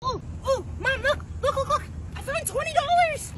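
A bratty little girl who whines, pleads and demands with a very high, squeaky voice, acted out by a woman. It is a comedy sketch, and noise is clearly audible behind the voice. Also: expressive, normal speed. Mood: demanding. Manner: whining, complaining, pleading. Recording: noisy recording.

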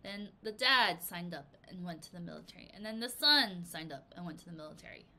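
Woman English teacher, bright and animated, drilling vocab with kids. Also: fairly low pitch, a little fast. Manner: animated, acts out example sentences. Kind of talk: vocabulary lesson for children. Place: language academy in Korea.

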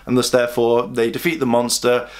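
A man's voice: medium pitch, monotone. A young British man, a fan reviewer, recapping episodes in a casual, chatty way. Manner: chatty, acts out characters' lines in quick put-on voices.

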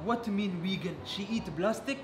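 An actor playing a rude, cheeky Arab waiter in broken English with Arabic words, trading sarcastic insults with customers. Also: male voice, sits high, moderate pace, over music, close to an everyday voice. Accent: Arabic-accented English. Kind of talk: comedy sketch acting. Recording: roomy sound with background noise.

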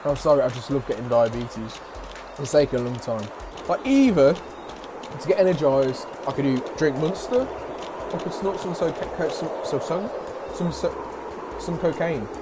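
A man giving excitable, profane let's play commentary as a gaming YouTuber, trash-talking and shouting now and then. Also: a little high, normal speed. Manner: shouts and whoops suddenly. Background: game music.

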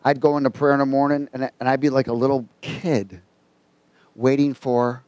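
A man preaching a sermon, telling a personal story in a folksy, colloquial way and reading scripture slowly and emphatically. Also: medium pitch, flat delivery, darkish tone, no echo.

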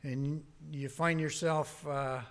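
A man preaching a sermon as pastor, earnest, rising on key words and dropping low on asides. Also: level tone, takes it slowly.

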